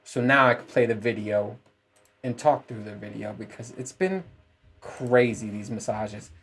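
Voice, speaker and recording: With a lowish, somewhat bright voice and a measured pace, a man rants on his own podcast. He's an adult parent whose casual talk is profane and rambling, peppered with asides and frequent laughter.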